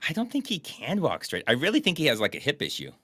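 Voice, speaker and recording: A young man riffs on a terrible film with mocking sarcasm. His pitch bounces all over, his tone is bright, and the room sound is dry and close. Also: wildly swooping pitch, fast talker, no echo. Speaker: co-host reviewing a bad movie. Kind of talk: casual comedic commentary.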